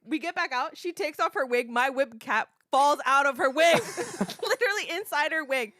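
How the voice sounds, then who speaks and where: A woman's voice: high voice, moderate pace, no echo, clean studio sound. A woman podcast co-host telling an anecdote in casual chat, slangy and acting out quotes. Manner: animated storytelling with acted quotes, slangy.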